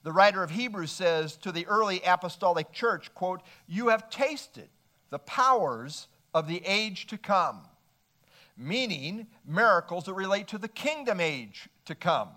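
Male pastor, higher register, measured expository sermon delivery. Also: lively intonation, bright, forceful tone. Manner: measured, expository preaching with verse citations.

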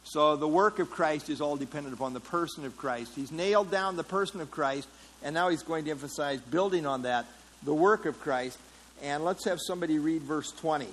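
Man teaching a Bible class, higher voice. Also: a little fast, fairly bright tone, slight background noise, poor audio. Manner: conversational, asks the class questions, frequent fillers. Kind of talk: interactive Bible study teaching.

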